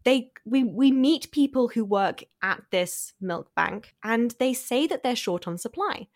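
A woman's voice: a little high, lively intonation, unhurried. A woman co-hosting a podcast, talking in a blunt, indignant way and swearing now and then. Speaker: podcast co-host. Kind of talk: casual review chat.

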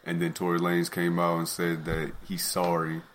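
A man talking as a podcast guest in casual chat. He is calm and hesitant, and he repeats words while he thinks. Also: deep voice, moderate pace, a little hiss or hum.

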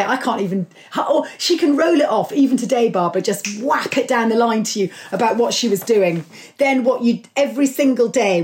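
A woman author speaking as a guest in an interview, telling history stories with enthusiasm and an animated manner. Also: on the high side. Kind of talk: conversational interview.

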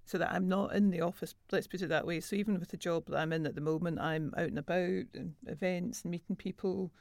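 A woman guest speaking in a measured, thoughtful way in casual chat. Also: fairly low pitch, steady tone, vocal fry, darkish tone, no room sound, clean studio sound.

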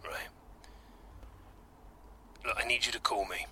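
An actor playing an indignant, easily wounded football manager who whines about slights, in a comedy audio drama. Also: male voice, mid-range voice, fairly even intonation, slow pace, pushed and bright, husky, no room sound, full character voice. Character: touchy self-pitying male football manager. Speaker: football club executive.

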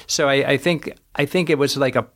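A man's voice: mid-range voice, fairly even intonation, brisk, a bit bright. A man, a guest author, reflecting on his experiences in an earnest conversational way, often restarting sentences and laughing as he tells stories.

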